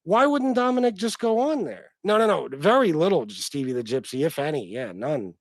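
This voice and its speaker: A man with a notably high voice hosts a casual livestream. He reacts with profane, exasperated disbelief. The sound is dry, with no room echo. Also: sing-song, moderate pace. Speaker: livestream host.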